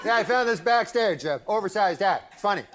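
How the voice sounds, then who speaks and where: An actor playing a smug, dim celebrity game show contestant in a TV sketch, drawling with chuckles. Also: male voice, sits high, lively intonation, fairly quick, a loud crowd, heavy background noise. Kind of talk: TV sketch comedy.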